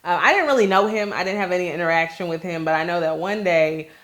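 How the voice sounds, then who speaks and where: A young adult woman from Maryland hosting a casual talk, telling a personal story with lively acted-out quotes. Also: on the low side, quick pace. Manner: animated storyteller who acts out quoted voices. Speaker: host.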